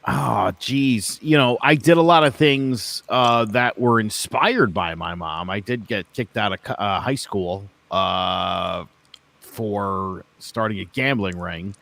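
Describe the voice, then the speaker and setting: A man's voice: on the low side, gravelly, a bit bright, no room sound. A man co-hosting a podcast, telling family stories in a chatty, self-deprecating way. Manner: storytelling, self-deprecating, quick asides. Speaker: podcast co-host. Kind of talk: casual podcast chat.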